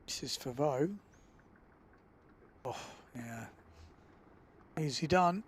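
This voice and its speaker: A man commentating live on a windsurfing event in a relaxed, chatty way, often filling pauses with "uh". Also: medium pitch, slight background noise.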